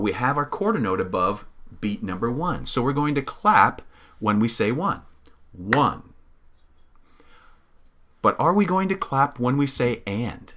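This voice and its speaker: A man's voice: fairly low pitch, a bit bright. A middle-aged man teaching a music lesson, patiently counting beats aloud and encouraging the listener to follow along.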